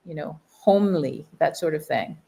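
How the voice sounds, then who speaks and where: A woman's voice: low-pitched, expressive, moderate pace, gravelly, dark tone, slightly rough. Chatty woman podcast co-host. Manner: enthusiastic, tangent-prone, speculative. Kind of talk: casual conversational podcast.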